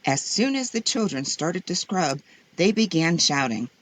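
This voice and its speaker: A woman reading children's stories aloud in a slow, gentle, expressive way. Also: lowish voice. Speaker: storyteller. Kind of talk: children's story read-aloud.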